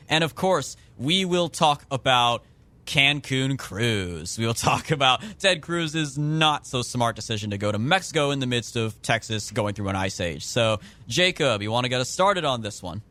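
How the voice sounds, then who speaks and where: Male podcast co-host, forceful bright tone, mid pitch, earnest and direct with the audience. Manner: earnest and heartfelt, talks straight to listeners. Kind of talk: casual political podcast chat.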